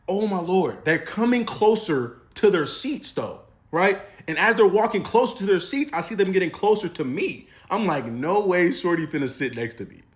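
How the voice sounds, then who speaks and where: A young man telling a comedic story in casual slang, acting out the people in it with animated voices. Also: high-pitched, moderate pace, hardly any pauses. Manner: animated, acts out quotes in voices.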